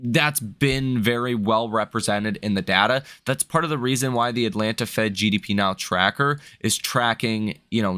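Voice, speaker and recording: A man hosts a stock market video, reading off news headlines and then weighing in with his own blunt take. His voice is bright and forceful, recorded close and dry with no room sound. He talks in quick restarts and tosses in asides like "right?" and "okay?". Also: on the low side, smooth, no echo. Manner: reads headlines then gives blunt opinions. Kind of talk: casual market commentary.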